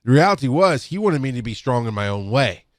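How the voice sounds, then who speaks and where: Very animated and brisk, a middle-aged man with a mid-range voice tells rambling stories from his job as an EMS instructor. Speaking into a podcast microphone, he restarts frequently and acts out quotes in casual storytelling, with no echo on the recording.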